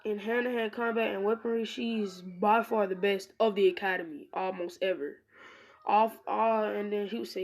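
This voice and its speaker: Woman storyteller, casual slangy improvised narration, gravelly. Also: medium pitch, steady tone, normal speed, darkish tone.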